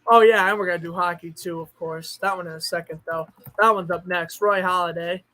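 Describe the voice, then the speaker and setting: A male streamer with a notably high voice talks casually to his chat. He thinks out loud as he goes and now and then breaks into excited outbursts. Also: brisk, rough recording. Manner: chatty, thinks aloud, bursts of excitement. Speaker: streamer host.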